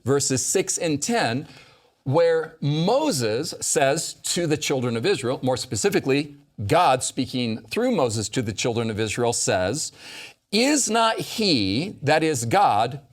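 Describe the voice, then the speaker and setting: A man hosting a Bible discussion, teaching with emphatic stress as he quotes scripture. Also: mid-range voice. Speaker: host leading a Bible study discussion. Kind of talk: animated teaching in a round-table talk.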